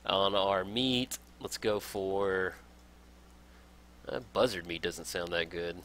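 A man's voice: deep voice, fairly even intonation, slow pace, fairly bright tone, a little hiss or hum. A young man casually talking through a strategy game as a let's play host, upbeat and enthusiastic, laughing often. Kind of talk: casual game tutorial commentary.

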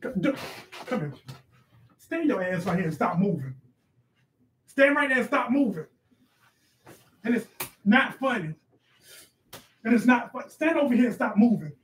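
A man playing a loud, bossy middle-aged mother who rants and scolds in slangy speech for a comedy sketch. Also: high-pitched, big pitch swings, normal speed, long pauses, recorded from a distance, slight background noise. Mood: scolding. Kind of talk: improvised comedy sketch, live-stream parody.

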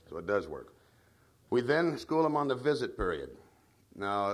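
A man giving a folksy training speech at a meeting, telling anecdotes and drawing the audience in with tag questions. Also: fairly low pitch. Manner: tells anecdotes. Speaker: trainer of field staff.

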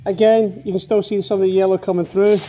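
A man's voice: sits high, level tone, quick pace, mellow, faint music behind. A man giving a casual walkthrough in a vehicle workshop. His voice is muffled by a face mask, and he keeps checking for agreement with tag questions. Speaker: charity workshop vlogger.

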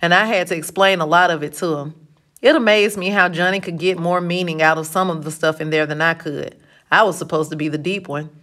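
A woman narrating a novel in the first person for an audiobook, telling it in a steady, lightly expressive way. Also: lowish voice, a little fast.

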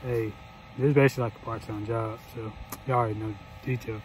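A man hosting a casual reaction vlog at a medium pitch. He talks in a laid-back, slangy way and laughs often between thoughts. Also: fairly even intonation, fast talker, a little hiss or hum, rough recording. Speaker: reaction channel host.

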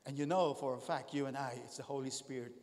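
A man preaching a sermon as the pastor, swinging between loud calls and quiet asides. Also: medium pitch, fairly even intonation, fast. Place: large church hall. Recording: echoey church hall.

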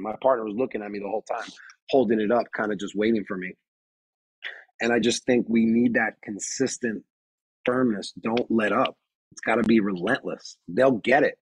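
A man's voice: medium pitch, breathy edge, dry recording, low-quality recording. A man giving a webinar presentation as a referee trainer, talking firmly and emphatically, repeating his key phrases.

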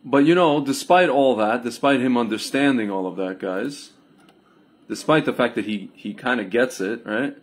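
A man talks to his viewers in a loose, rambling monologue at a middling pitch, his voice husky and a little breathy. He keeps calling them "guys" and "my friends" and slips into mocking, squeaky impressions of people. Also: moderate pace. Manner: animated, jumps into mocking high-pitched impressions. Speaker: online commentator. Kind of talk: casual livestream monologue.

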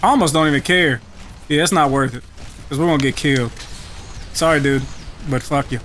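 A young man giving live commentary over his own game match, profane, trash-talking and excitable. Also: on the high side, brisk, a little hiss or hum. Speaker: gaming channel host. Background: game music.

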